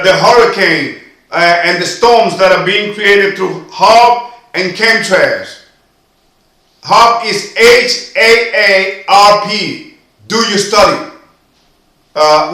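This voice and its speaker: A man's voice: high voice, pushed and bright. A man giving an impassioned monologue to camera, preachy and emphatic, repeating and drawing out his phrases. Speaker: video commentator. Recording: very echoey room.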